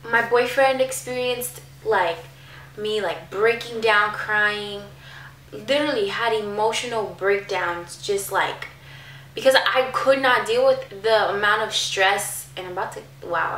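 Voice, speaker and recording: A woman's voice: mid-range voice, unhurried, bright, forceful tone, recorded from a distance. Emotional young woman in an echoey room. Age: 20s. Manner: emotional, confessional, many fillers. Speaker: vlogger. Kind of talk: candid personal vlog.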